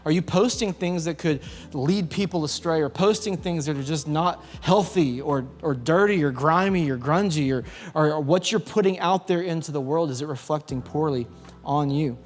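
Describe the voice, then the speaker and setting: A man's voice: fairly high pitch, normal speed. A man with a Southern US accent, a youth pastor giving a sermon and firing questions at the audience to get responses. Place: church youth hall. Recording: long hall reverb, faint music behind.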